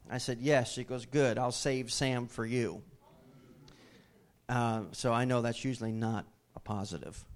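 A middle-aged man preaching a sermon, telling a family story in a folksy way with many restarts. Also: fairly high pitch. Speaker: pastor.

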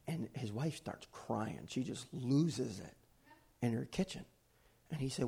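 A man's voice: medium pitch, measured pace, gravelly, slightly rough. A middle-aged man preaching a sermon, telling a story and then urging his congregation on. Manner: animated storyteller, rising to exhortation. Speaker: pastor.

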